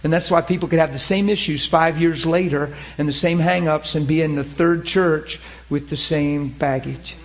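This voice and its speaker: Male pastor, high voice, animated storyteller, dull lo-fi sermon recording. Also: normal speed. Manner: animated storytelling, laughing, high excited asides.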